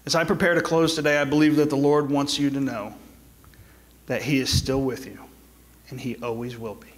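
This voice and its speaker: Middle-aged pastor preaching a sermon. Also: male voice, mid-range voice, steady tone. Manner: storytelling with quick asides, then soft pleading exhortation. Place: church sanctuary.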